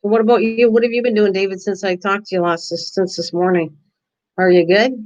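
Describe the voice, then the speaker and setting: A woman's voice: mid-range voice, fairly even intonation, a little fast, darkish tone. An older woman hosting a casual live stream, rambling chattily and answering viewers' comments by name. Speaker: live-stream craft host. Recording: dull lo-fi stream audio.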